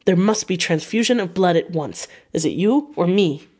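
A woman reading the lines of a grave, kindly old male professor, speaking slowly and formally in a storybook reading. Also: lowish voice, animated, a little mellow, slightly rough. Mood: urgent.

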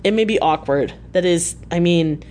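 A man's voice: fairly high pitch, moderate pace, a little mellow, slight background noise, close to an everyday voice. A woman voicing an earnest, embarrassed male doctor who speaks hesitantly and awkwardly.

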